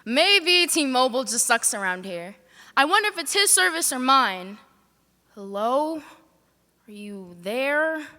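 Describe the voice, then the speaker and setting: Impassioned teen slam poet, very high voice. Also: female voice, very animated, slow pace. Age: teens. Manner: impassioned, swings from hushed to shouted. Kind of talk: spoken word poetry performance. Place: large hall on stage. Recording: reverberant hall.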